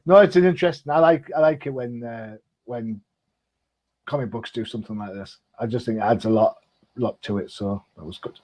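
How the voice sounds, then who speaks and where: A man's voice: medium pitch, fairly quick, darkish tone. A man, co-hosting a casual comic book chat show, talkative and jokey with frequent ums. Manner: chatty, jokey, lots of ums. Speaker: comic podcast co-host.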